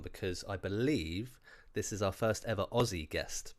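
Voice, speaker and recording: A man's voice: lowish voice, normal speed. A man hosting a casual video interview, congested from a cold and sounding nasal, chatty and joking with lots of fillers. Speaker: podcast host and interviewer.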